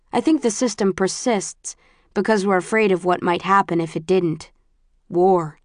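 Measured low-voiced woman narrating a story. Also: no room sound, clean studio sound. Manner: measured, even storytelling with quoted dialogue. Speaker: audiobook narrator. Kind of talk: first-person audiobook narration.

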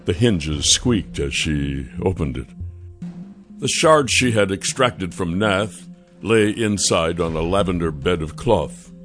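A male narrator reads a fantasy audiobook in a low voice. His storytelling is measured and steady, and faint music runs beneath it.

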